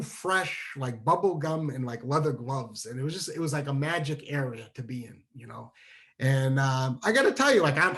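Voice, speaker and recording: A man from New Hampshire telling a childhood story at a virtual storytelling show, animated and full of restarts, acting out the dialogue. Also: a little high. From New Hampshire, USA. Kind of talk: live storytelling over a video call. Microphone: video call microphone.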